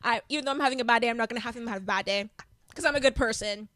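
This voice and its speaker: A young adult woman co-hosting a podcast, chatting casually and telling animated stories with frequent laughter. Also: on the high side, very fast. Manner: animated storytelling, laughing often. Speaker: podcast co-host. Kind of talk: casual chat.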